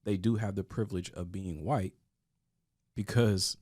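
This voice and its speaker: Low-voiced man in earnest podcast talk. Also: fairly even intonation, a little slow, a little mellow, no echo, studio quality. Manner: earnest, with frequent restarts and stammers. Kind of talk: casual podcast discussion.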